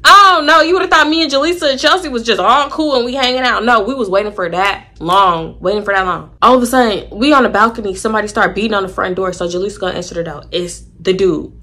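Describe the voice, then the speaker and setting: A young woman casually telling a storytime to her viewers, animated and acting out what people said. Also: mid-range voice, fast, hardly any pauses. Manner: animated, acts out quoted voices, addresses viewers as y'all.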